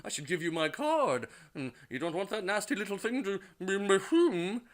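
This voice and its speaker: A man's voice: sits high, big pitch swings, moderate pace, pitched above the performer's own voice. A man voicing an eccentric older female clairvoyant, with a warbling, fluty, theatrical voice. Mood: fussy. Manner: theatrical, fussy.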